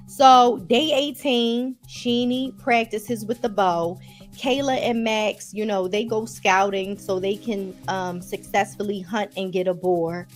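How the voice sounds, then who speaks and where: A woman with a Baltimore accent, chatting casually to her viewers as she recaps a TV episode. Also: medium pitch. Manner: chatty, addresses viewers as y'all. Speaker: TV episode reviewer.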